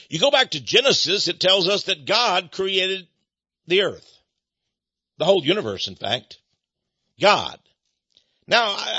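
A man's voice: on the high side, bright, forceful tone, breathy edge, no room sound, lo-fi sound. A man with a Texan accent, preaching a folksy, emphatic sermon and reading scripture aloud. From Texas.

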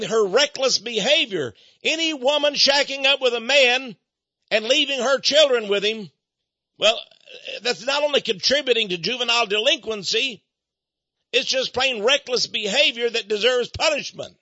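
Man, radio commentary host, sharp tense tone, dry close sound, fired-up delivery. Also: very high voice, animated, a little slow, no room sound, muffled recording. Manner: indignant ranting, swinging between hushed asides and loud outbursts.

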